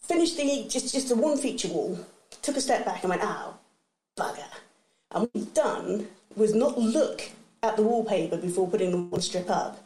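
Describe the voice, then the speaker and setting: A woman's voice: medium pitch, normal speed, reverberant, poor audio. Woman telling funny family stories. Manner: animated, acts out family voices. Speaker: comedian guest. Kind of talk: casual comic storytelling.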